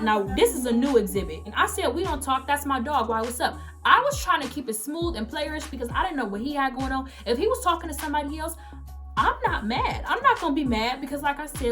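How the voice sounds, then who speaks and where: Animated young woman telling a story. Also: a little high. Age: late teens. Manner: animated, emphatic storytelling, acting out quoted texts. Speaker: vlogger. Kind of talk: story time vlog.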